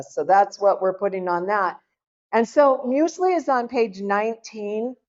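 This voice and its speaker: A middle-aged woman from Oklahoma talks an audience through a recipe in an easy, folksy way, checking in with them often. She speaks slowly and unhurried. The sound is dull and a bit lo-fi. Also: medium pitch, a little mellow. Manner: chatty, folksy, addresses the audience directly. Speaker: cooking demonstrator at a health seminar. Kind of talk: casual cooking talk to an audience.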